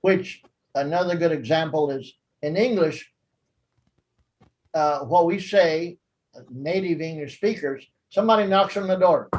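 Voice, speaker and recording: Chatty high-voiced man teaching a class. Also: measured pace, a little mellow, a little hiss or hum, rough recording. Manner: chatty, jokey, laughs at his own asides. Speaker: language class host. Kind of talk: casual teaching chat.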